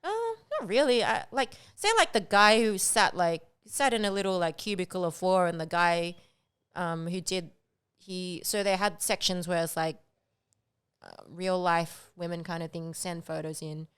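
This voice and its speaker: A woman talks casually as a podcast guest, her voice pitched fairly low and smooth. She rambles along, stringing her thoughts together with a steady run of "like". The sound is dry and close to the mic. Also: moderate pace, no echo. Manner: chatty, heavy use of "like". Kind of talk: casual chat.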